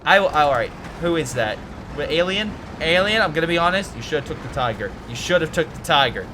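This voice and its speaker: A man giving casual commentary on a strategy game replay, excitable and ranting, swearing and swinging from mutters to yells. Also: fairly high pitch, a little hiss or hum.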